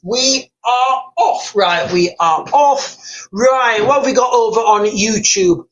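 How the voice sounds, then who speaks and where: Male streamer, rambling and excitable, restarts sentences, reads chat aloud. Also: very high-pitched, slow pace, dull audio. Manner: rambling, excitable, repeats phrases, many fillers. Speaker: livestream host. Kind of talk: casual livestream chat reading viewer comments.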